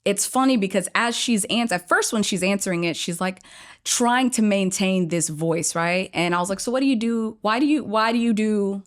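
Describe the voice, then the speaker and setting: A woman tells a story from one of her workshops, speaking in a relaxed, conversational way. Her voice sits in an ordinary middle range. She keeps slipping into little acted-out quotes, raising and lowering her tone as she plays each person. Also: normal speed. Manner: animated, acts out quoted voices. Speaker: guest.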